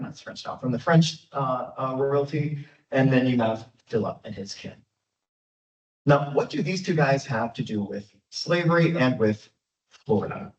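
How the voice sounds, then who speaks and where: A man gives a public history lecture in a conversational way, often stopping on fillers. His pitch rises and falls a great deal. The sound is dull and roomy, picked up from a distance in a large hall. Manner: lively, conversational, frequent fillers. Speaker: guest speaker, history lecturer. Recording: echoey, dull, from far off.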